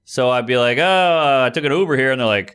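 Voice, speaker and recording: A man's voice: medium pitch, quick pace, clear, resonant tone. A man, a comedian, chatting casually and acting out voices as he tells a story. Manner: animated, acts out voices in stories. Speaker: comedian, podcast co-host.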